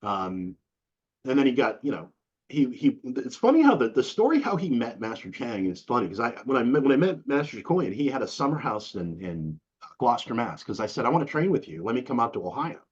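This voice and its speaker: A husky middle-aged man from Massachusetts tells a long story in a loose, chatty way. He keeps breaking into other people's voices, suddenly jumping up high for their lines. The sound is dull and lo-fi, with a medium-pitched voice. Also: brisk. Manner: animated, acts out quoted voices with big pitch jumps. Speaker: interview guest. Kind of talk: casual storytelling.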